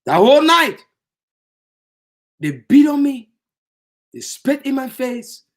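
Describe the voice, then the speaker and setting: A preacher speaking as a betrayed, lamenting Jesus. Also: male voice, sing-song, takes it slowly, full character voice. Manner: lamenting, with sharp rises in pitch. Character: Jesus speaking of his own suffering.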